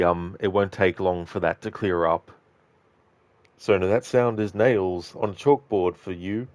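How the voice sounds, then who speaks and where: A man's voice: low-pitched, no room sound. A man streaming a video game, chatting casually with his live viewers, greeting and answering them by name in a loose, rambling way. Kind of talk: casual chat with live viewers while playing.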